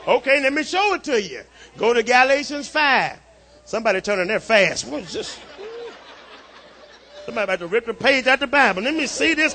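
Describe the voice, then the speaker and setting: High bright-voiced preacher man. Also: slight background noise. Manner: call-and-response preaching, rising to shouts. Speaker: pastor. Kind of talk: sermon.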